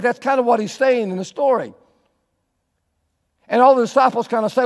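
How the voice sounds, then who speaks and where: Male pastor, sermon, high voice, earnest, conversational, church with long reverb. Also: moderate pace, long pauses. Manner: conversational, earnest, asks the congregation questions. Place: church sanctuary.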